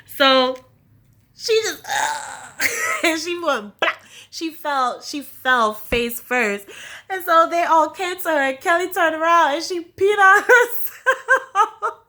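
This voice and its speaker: A woman's voice: high voice, slow, creaky. A woman in her late twenties giving a casual spoken recap of a TV episode, acting out the characters' lines as she retells them. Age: late 20s. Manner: animated retelling, acting out quotes, laughing often. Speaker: TV recap reviewer.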